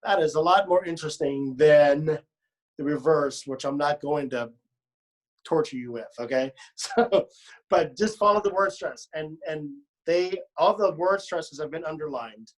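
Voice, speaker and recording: A man rehearsing a choir speaks unhurriedly in a voice on the high side. He corrects pronunciation and word emphasis, models phrases aloud and in song, and throws in joking remarks.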